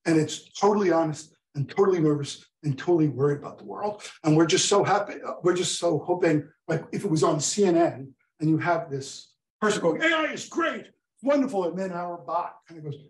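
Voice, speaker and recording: A man lecturing to an audience in a room with audible echo. His voice sits high for a man, and he jumps into little acted-out exchanges as he explains, speeding up and slowing down with enthusiasm. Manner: animated, acts out quoted dialogue. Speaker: professor giving a talk.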